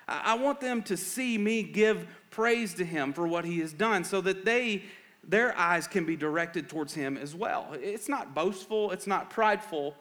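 A man preaching a sermon in an earnest tone, rising to loud urgent emphasis and dropping to quiet reflection, often repeating words as he builds a point. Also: sits high, measured pace. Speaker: pastor.

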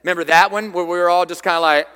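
High, bright-voiced preaching man in a reverberant hall. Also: steady tone, racing, clear, resonant tone. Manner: emphatic preaching, repeats key phrases, reads scripture aloud. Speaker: pastor. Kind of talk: sermon.

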